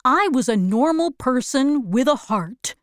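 A woman voicing a gentle, sad tin man who longs for a heart, telling his story in a soft, mournful way in a storybook reading. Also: high voice, lively intonation, measured pace, no room sound, clean studio sound. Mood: wistful.

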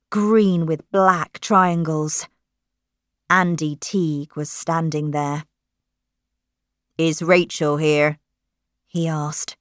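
A woman reading a storybook aloud in a measured, clear way. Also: on the low side, dry recording, clean studio sound.

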